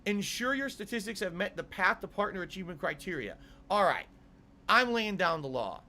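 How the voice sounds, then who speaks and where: A man's voice: high voice, sing-song, a little fast, bright, forceful tone. A middle-aged male streamer ranting angrily to his viewers, swearing and repeating his demands. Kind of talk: angry rant to camera.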